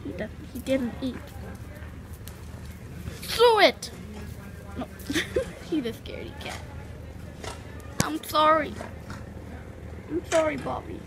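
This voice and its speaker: A female host giving casual gameplay commentary, chatting and calling out loudly to her pets. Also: high-pitched, lively intonation, takes it slowly, pauses often. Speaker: gaming channel host. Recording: clear background noise.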